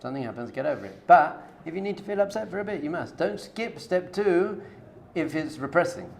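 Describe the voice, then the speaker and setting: A man's voice: on the high side, lively intonation, fairly quick, creaky, slight background noise. A man, a rabbi, giving an informal spoken lecture to a live group, coaching them directly with everyday analogies in a conversational tone. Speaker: rabbi teaching a class.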